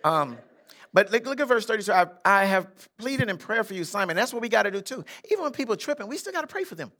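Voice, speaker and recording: An older man, a bishop, preaching a lively sermon and acting out Bible figures in street slang. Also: high-pitched, quick pace. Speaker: pastor. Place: church sanctuary.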